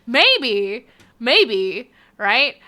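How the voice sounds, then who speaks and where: A woman with an Australian accent, chatting casually on a live stream, reading out chat messages with a giggly, animated manner. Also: a little high, extremely slow.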